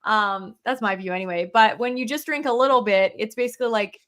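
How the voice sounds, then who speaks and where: A woman's voice: fairly high pitch, brisk, a bit bright. A young adult woman in casual chat, thinking aloud and reflecting, with fillers. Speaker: podcast co-host.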